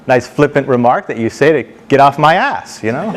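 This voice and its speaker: A man speaking to a board meeting, telling anecdotes in a halting way, repeating words and slowing down for emphasis. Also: mid-range voice, expressive, a crowd in the background. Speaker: board member addressing the board. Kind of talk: storytelling speech to a meeting. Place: meeting room, speaking standing before a group.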